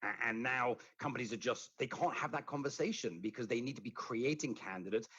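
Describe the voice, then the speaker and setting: A man's voice: mid-range voice, brisk, fairly bright tone, breathy edge, highs cut off. A British man as an interview guest, chatting casually and making wry jokes. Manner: witty, jokes about his accent. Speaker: podcast guest.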